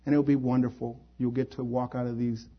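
A man's voice: mid-range voice, level tone, fairly quick, husky, muffled recording. A male preacher at a church service, giving an altar call and closing prayer in a pleading, inviting way. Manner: pleading, invites hands raised.

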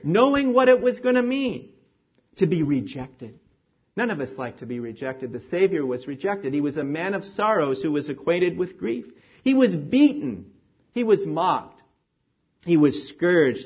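Husky, animated male preacher. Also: high voice, highs cut off. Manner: animated, rising and falling emphasis, drops to near-whisper. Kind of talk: sermon.

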